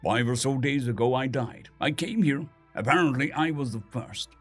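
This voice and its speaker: A man doing a calm, defiant dead atheist. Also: mid-range voice, moderate pace, faint music behind, natural voice. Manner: calm, probing, asks question after question.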